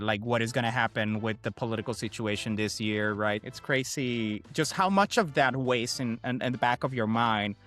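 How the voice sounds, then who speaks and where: A man's voice: mid-range voice, fairly bright tone. Supportive male podcast host. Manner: supportive, frequent affirmations, repeats words when starting. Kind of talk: conversational interview.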